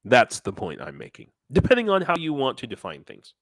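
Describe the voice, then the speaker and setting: A man's voice: mid-range voice, huge pitch swings, fairly quick, a bit bright, dry recording, studio quality. A man hosting a casual live stream who also works as a teacher. He rambles, restarts his sentences and answers viewers by name.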